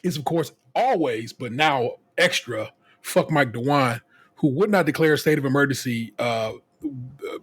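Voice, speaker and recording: A man co-hosting a casual podcast rants profanely and animatedly, restarting often and voicing other people in quotes. His voice is medium-pitched and husky, and he talks a little slowly.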